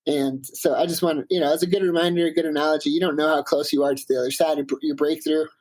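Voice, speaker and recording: A man in his thirties, a climber and guest, telling a story in a casual, animated and emphatic way. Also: a little high, fast talker, rough recording. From Washington State, USA.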